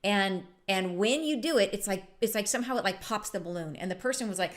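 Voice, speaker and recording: A woman's voice: medium pitch, lively intonation, fast. Chatty reflective woman spiritual teacher. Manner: reflective, chatty, laughs often, many fillers. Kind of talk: relaxed spiritual talk.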